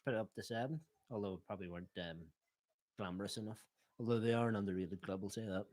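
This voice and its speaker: A man's voice: on the low side, fast, darkish tone. A man co-hosting a live football watchalong, chatting casually and teasing his co-host in jokey banter. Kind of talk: casual chat.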